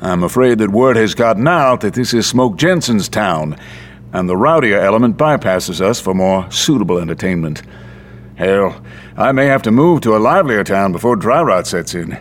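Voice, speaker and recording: An actor playing a courtly, genteel gambler who runs a saloon and sprinkles in French words. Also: male voice, lowish voice, lively intonation, normal speed, a little hiss or hum, natural voice. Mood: polished, amused. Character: suave older male gambler, saloon owner, genteel. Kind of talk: audio drama acting.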